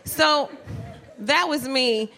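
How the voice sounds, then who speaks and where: A woman comedian on stage with a bright, high voice, spinning brash and profane stories. She giggles through her lines and talks to the crowd in front of her. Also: drawn-out words. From New Jersey, USA. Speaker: stand-up comedian. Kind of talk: live stand-up set. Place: comedy stage before a live audience.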